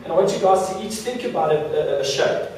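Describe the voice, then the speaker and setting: A male motivational speaker works a live audience with jokes and quick, tumbling restarts, his voice sitting a touch high. The sound is caught from a distance in a large, heavily echoing hall, with a light hiss underneath. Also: expressive, darkish tone. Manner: playful, joking, repeats words in quick restarts. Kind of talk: stage talk with audience interaction. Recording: echoey hall, mic far off.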